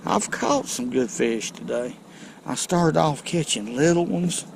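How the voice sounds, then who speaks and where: A man narrates his fishing trip from a boat on a river. He talks slowly and folksily with a gravelly voice, and gets excitable as he speaks to his viewers. Wind and passing boats make a constant rush behind him. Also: mid-range voice. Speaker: fishing channel host. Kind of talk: casual fishing vlog commentary.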